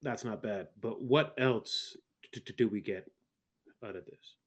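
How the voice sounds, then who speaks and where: Guy doing a slow stuttery cranky old man, swears a lot. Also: lowish voice. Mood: gruff. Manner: heavy stutter, blunt and profane.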